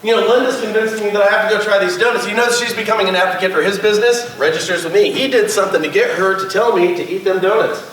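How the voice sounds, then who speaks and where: A man's voice: sits high, fast, hardly any pauses, fairly bright tone. A man from California, a guest speaker at a class, telling chatty anecdotes to the room, acting out quotes and laughing often. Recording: echoey room, voice far from the mic, faint background noise.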